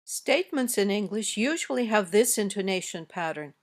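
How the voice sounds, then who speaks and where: American woman, english teacher, scripted lesson narration, slow careful delivery. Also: mid-range voice, expressive. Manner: slow, careful, clearly modeled example sentences.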